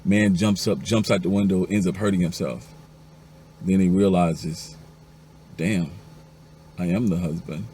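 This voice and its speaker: A very deep-voiced man tells jokes one after another in a mellow, dark tone. He acts out the lines of the husbands, wives and doctors, rising to a high pitch for the women. A faint hiss of noise runs beneath the recording. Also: steady tone, measured pace, pauses often. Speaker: joke teller. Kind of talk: telling a string of jokes.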